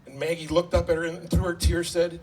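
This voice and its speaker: A man's voice: on the high side, level tone, fairly quick, breathy edge. A man giving a wedding toast as father of the bride, joking about himself and getting emotional. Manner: self-deprecating, joking, emotional. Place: wedding reception hall. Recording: distant mic, loud crowd noise. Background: crowd and laughter.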